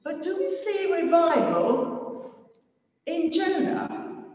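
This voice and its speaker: A man's voice: very high-pitched, expressive, slow pace, darkish tone. A man preaching a sermon in a church hall, talking conversationally and putting rhetorical questions to the congregation. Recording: distant, roomy, dull long-reverb hall sound.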